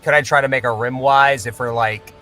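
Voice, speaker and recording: Dude playing a tabletop game, talking it through, faint music under him. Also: male voice, mid-range voice, steady tone, a little fast, sharp tone, poor audio. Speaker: player. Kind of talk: casual tabletop play.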